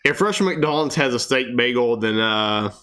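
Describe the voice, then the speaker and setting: A man's voice: medium pitch, animated, moderate pace, very noisy. A man co-hosting a casual comedy stream, blunt and crude, swearing a lot. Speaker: co-host.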